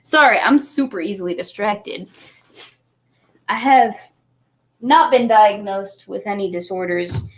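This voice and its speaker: A tipsy woman chatting loosely with her viewers, wandering from thought to thought. Her voice sits at an ordinary middle pitch but jumps up high whenever something catches her attention. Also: measured pace, pauses often. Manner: rambling, easily distracted, jumps around in pitch. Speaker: channel host. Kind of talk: casual chat to viewers.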